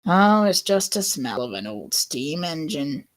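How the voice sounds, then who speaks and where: A man playing a smug, slow-drawling diesel engine, in a goofy cartoon voice. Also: a little high, very animated, fairly bright tone. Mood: scornful.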